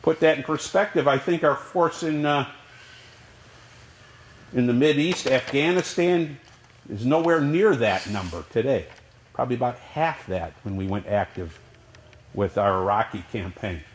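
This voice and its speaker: A man teaching a college history class, lecturing in a lively way and asking the class questions. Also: medium pitch, unhurried, pauses often, echoey room, poor audio. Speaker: history professor.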